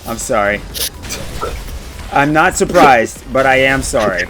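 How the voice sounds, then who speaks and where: A man's voice: mid-range voice, lively intonation, measured pace, a bit bright, faint music behind. A man chatting casually while playing a game, laughing often and swearing freely. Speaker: gaming streamer. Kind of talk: casual chat while gaming.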